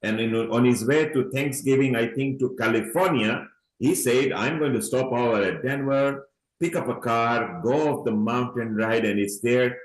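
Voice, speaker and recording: A man hosts an online gathering over a video call. He rambles from point to point and calls people honey. His mid-pitched voice carries a noticeable roomy echo. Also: steady tone, normal speed. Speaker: host of an online event. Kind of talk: warm encouraging video-call hosting.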